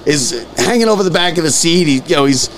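A man's voice: a little high, fast talker, slight background noise. A man, hosting a casual sports podcast and telling long stories, repeating words and acting out the people in them. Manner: animated storyteller, repeats words, acts out quoted voices. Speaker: podcast host. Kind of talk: casual storytelling chat.

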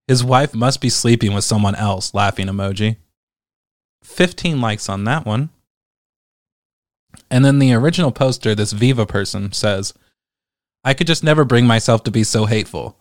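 A man's voice: on the low side, normal speed, no room sound. Male commentator, casual rant, profane and exasperated, dry studio sound. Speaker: commentator reading online comments.

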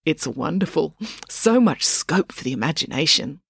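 A woman's voice: low voice, lively intonation, moderate pace, creaky, husky, no echo, studio quality, full character voice. Woman doing a wry, matter-of-fact know-it-all.

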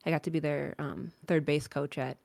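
A woman's voice: low-pitched, steady tone, normal speed, gravelly, a little mellow, no echo. A woman, a roller derby skater, chatting as a podcast guest, with many filler words. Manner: chatty, frequent likes and ums. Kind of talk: casual podcast interview.

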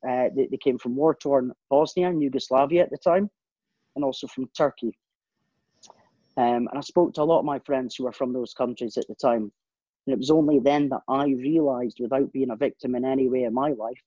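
A man's voice: mid-range voice, dark tone, dry recording, dull audio. A man giving an earnest, emphatic personal monologue as host, with profanity and stumbles.

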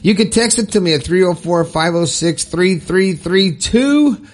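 A man's voice: high voice, lively intonation, measured pace. A man hosting his own podcast in a casual, upbeat and rambling way, with lots of fillers and frequent laughs. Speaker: podcast host. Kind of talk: casual solo podcast talk.

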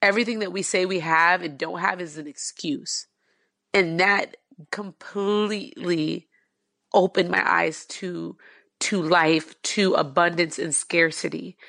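A woman's voice: lowish voice, gravelly, fairly bright tone, dry recording. Woman guest recounting a personal story, earnest and rambling, dry recording. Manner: earnest, fast-flowing, filler-heavy with "like".

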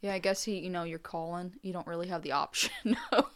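A woman co-hosting a true crime podcast, reading narration and bantering in a relaxed way. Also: lowish voice, brisk, no echo. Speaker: podcast co-host.

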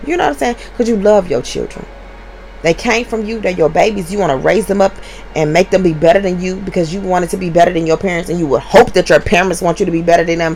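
Young mom ranting to the camera, cussing, voice jumps all over, faint hum behind. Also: female voice, lowish voice. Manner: animated, profane, emphatic storytelling to viewers. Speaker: mother telling a story. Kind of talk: casual storytime vlog.

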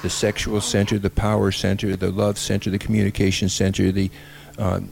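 A man guest expert explaining tantra in earnest, halting speech with many fillers. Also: on the low side, monotone, creaky, a little mellow, slight background noise.

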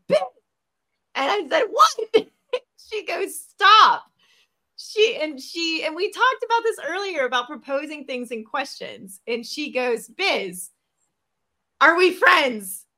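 A woman telling a personal story in a casual podcast chat, animated and acting out the lines of the people in it. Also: high-pitched, takes it slowly. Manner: animated, acts out quoted dialogue. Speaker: podcast host.

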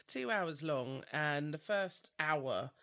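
A woman chatting about a film, wry and animated, often breaking into laughter. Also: low voice, slow. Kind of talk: casual film review chat.

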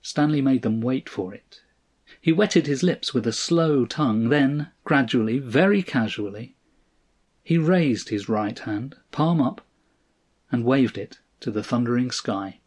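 Male narrator, steady measured story reading, mid-range voice. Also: mid-range voice. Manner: steady, measured reading, voicing each character. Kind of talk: audiobook reading of a science fiction story.

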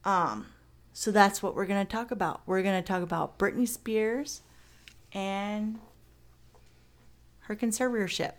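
A woman's voice: medium pitch, a little slow, pauses often. Forties woman, podcast co-host, loose rambling delivery with casual cursing. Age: 40s. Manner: rambling, swears casually, self-mocking.

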